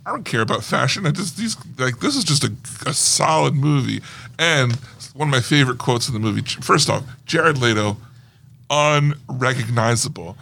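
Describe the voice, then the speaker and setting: A man co-hosting a casual movie chat, excitable and jokey. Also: medium pitch, moderate pace, creaky. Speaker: co-host.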